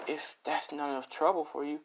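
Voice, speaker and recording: A shy young woman who speaks softly and with timid politeness, as a man puts her on in a fan story. Her lines come quietly and a little higher than his own voice. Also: level tone, a little fast, a little hiss or hum, natural voice.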